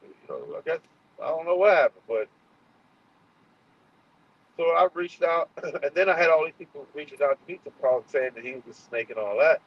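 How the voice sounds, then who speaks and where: A man's voice: a little high, animated, moderate pace, pauses often. A man hosting a casual livestream, heated and profane, often restarting his sentences. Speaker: channel host. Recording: muffled lo-fi sound.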